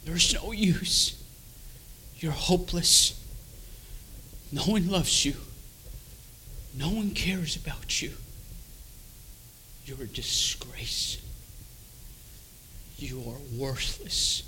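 A man voicing a cruel, mocking spirit that taunts him in a slow, low whisper. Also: animated, pushed and bright, slight background noise, exaggerated voice, rough recording. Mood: taunting.

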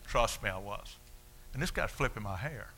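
An older man preaching his testimony in a folksy, animated storytelling way. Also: lowish voice, moderate pace. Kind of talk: sermon testimony.

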